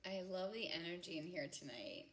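A woman's voice: fairly low pitch, expressive, brisk, slight background noise. Giggly, chatty woman livestreaming from home. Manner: giggly, chatty, breaks into loud laughter. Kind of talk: casual livestream chat with viewers. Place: home, indoors.

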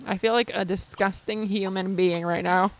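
A woman giving casual, excitable commentary over her own gameplay, chatting with viewers and reacting dramatically. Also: medium pitch, normal speed, a crowd in the background. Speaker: gaming video creator.

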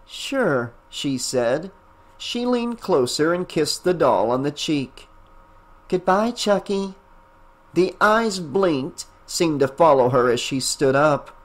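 After reading a fan novel aloud, the narrator turns into the channel's enthusiastic host and chats, using fillers to wrap up. The voice is medium-pitched and animated, taking things slowly.

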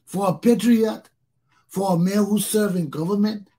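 A man's voice: high voice, fairly even intonation, moderate pace, dark tone. A Liberian man hosting his own talk show, speaking in an impassioned solo monologue and repeating phrases for emphasis.

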